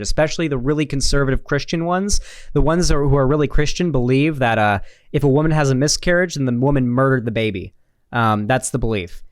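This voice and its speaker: A man's voice: mid-range voice, clear, resonant tone, no room sound, studio quality. A young man hosting a political reaction video, talking in a sarcastic, rambling way with many restarts. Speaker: political commentary host. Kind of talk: reaction commentary.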